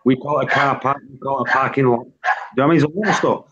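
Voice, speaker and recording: A man's voice: mid-range voice, very fast, lo-fi sound, heavy background noise. A British man hosting a casual group chat, reading out lists of word pairs. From Britain. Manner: reads out lists of word pairs, laughs often.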